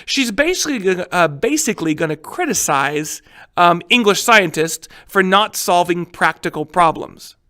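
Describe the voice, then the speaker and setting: High bright-voiced male history teacher. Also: lively intonation, normal speed. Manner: casual, frequent fillers and check-ins. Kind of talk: recorded classroom lecture.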